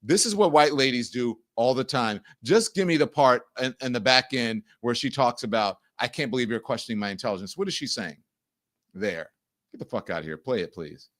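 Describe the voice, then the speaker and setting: A man's voice: mid-range voice, expressive, normal speed, fairly bright tone. Blunt, indignant male commentary host. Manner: blunt, indignant, swears freely. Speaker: show host. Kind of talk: livestream political commentary.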